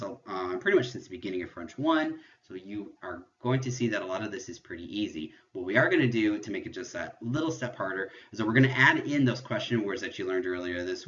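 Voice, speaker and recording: A man with a fairly low voice teaches a virtual French class in an upbeat, step-by-step way, moving between English and French. The sound is dull and lo-fi, like a simple home recording.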